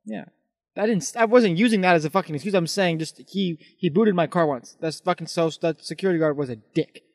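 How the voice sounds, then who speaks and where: A young man co-hosting a podcast in casual chat, telling animated stories and swearing a lot. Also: high-pitched, a little fast, no echo, clean studio sound. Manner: animated, swearing, excitable storyteller. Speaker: podcast co-host.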